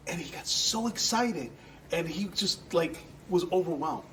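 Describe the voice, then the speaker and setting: Male guest, mid pitch, earnest rambling storyteller, a bit off-mic, faint room hum. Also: lively intonation, moderate pace, a bit bright, recorded from a distance, rough recording. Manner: earnest, rambling storyteller who acts out quoted voices. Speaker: guest, entertainment center manager. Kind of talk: conversational storytelling interview.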